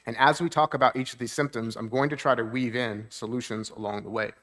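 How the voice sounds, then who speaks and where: A man's voice: medium pitch, fairly even intonation, quick pace, fairly bright tone. A man, a therapist, giving a talk at a church seminar. He explains things plainly, keeps checking in with the audience, and lifts his voice to act out moods.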